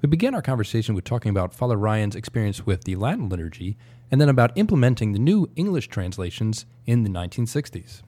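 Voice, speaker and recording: Fast, husky male podcast host. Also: fairly low pitch, big pitch swings, dark tone, no room sound. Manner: brisk read-aloud delivery. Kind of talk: scripted podcast introduction. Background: faint music.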